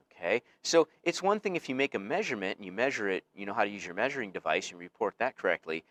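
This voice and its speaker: A man's voice: fairly low pitch, a bit bright. A male teacher giving a casual recorded lecture, explaining things conversationally with frequent fillers.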